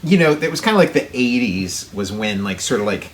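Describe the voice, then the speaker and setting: Rambling mid-pitched male podcast host. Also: big pitch swings, a little fast. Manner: rambling, many fillers and restarts. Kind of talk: casual chat.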